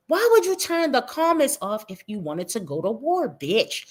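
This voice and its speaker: A woman's voice: medium pitch, wildly swooping pitch. A woman streamer reacting to posts in a brash, profane, mocking way. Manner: slow-paced, drawn-out. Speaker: commentary streamer. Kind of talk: reaction commentary.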